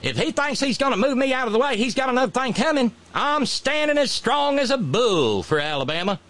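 Guy doing a high strained old lady governor, all bluster and boasting, swoops way up and down. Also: big pitch swings, a little fast, a bit bright, exaggerated voice. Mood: defiant. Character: defiant folksy older woman governor, blustery.

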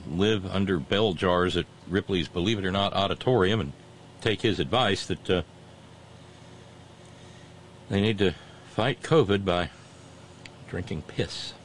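A man's voice: deep voice, unhurried, pauses often, slight background noise. A man hosting a talk show, giving sarcastic, mocking commentary and reading out listener messages.

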